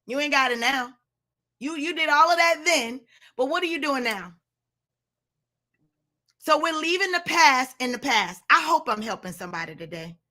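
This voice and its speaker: A woman with a high-sitting, sharp voice delivers a blunt, preachy motivational talk on a live stream. She addresses her listeners directly, calling them sis and y'all.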